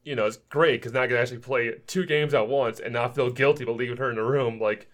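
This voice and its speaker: A man co-hosting a gaming podcast in casual chat, excitable and playful, acting out the voices of people he quotes. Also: mid-range voice, fast talker, hardly any pauses. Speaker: podcast co-host.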